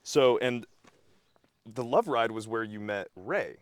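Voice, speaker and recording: A man's voice: mid-range voice, animated, slow pace, no room sound. A man hosting a casual interview, mostly giving short agreeing replies. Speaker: host.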